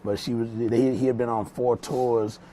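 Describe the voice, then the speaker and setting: This music producer and mix engineer has a warm, medium-pitched voice, a flat delivery, and a normal speed, with a little hiss or hum in the audio. He tells rambling, loose stories during a casual interview in a small studio room, using street slang and restarts.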